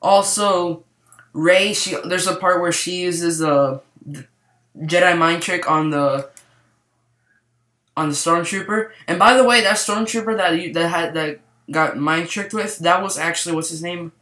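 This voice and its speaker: Excitable young man, echoey room. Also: high-pitched, a little slow. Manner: excitable, rambling, lots of fillers. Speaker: movie reviewer. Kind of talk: casual spoiler review.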